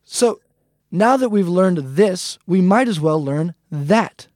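A man's voice: high voice, expressive, takes it slowly, darkish tone, no room sound. A man hosting a recorded language lesson, explaining phrases patiently and breaking them down step by step into a close microphone. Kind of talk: scripted lesson instruction.

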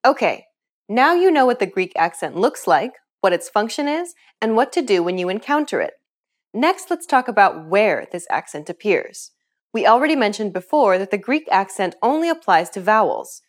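A woman narrating a scripted language lesson, explaining clearly and upbeat, asking the learner questions. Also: medium pitch, very animated, moderate pace. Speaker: language teacher.

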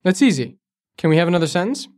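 A man's voice: high-pitched, sing-song, fast talker, darkish tone. Man co-hosting a language lesson. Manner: curious learner asking for examples. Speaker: co-host. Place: studio in Beijing.

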